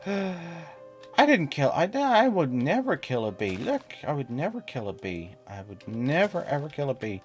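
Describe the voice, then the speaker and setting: A man's voice: medium pitch, sing-song, normal speed, darkish tone, soft background music. A man casually chatting while streaming a game, playful and talkative, teasing the creatures on screen. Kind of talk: casual gameplay stream chat.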